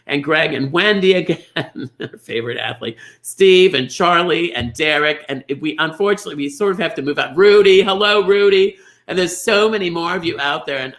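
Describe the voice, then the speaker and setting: A middle-aged man hosting a live online bingo show, gushing over viewers' names with sudden high squeals. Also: a bit bright. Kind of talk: live-streamed chatty greetings to viewers.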